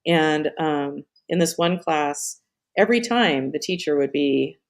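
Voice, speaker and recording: A woman's voice: deep voice, unhurried. A middle-aged woman hosting a live stream in casual chat, rambling off on tangents, swearing and laughing often.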